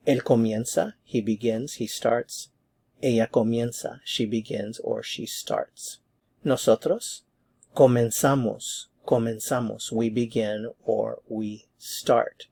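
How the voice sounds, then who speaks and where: A man teaching a Spanish grammar lesson, explaining step by step in a patient, methodical way and slowly repeating each verb form. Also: fairly low pitch, vocal fry, warm tone.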